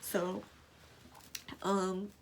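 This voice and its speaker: Young woman, vlogger, personal storytelling, earnest, emotional, middle pitch. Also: level tone, drawn-out words, creaky, slight background noise. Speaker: lash technician vlogger.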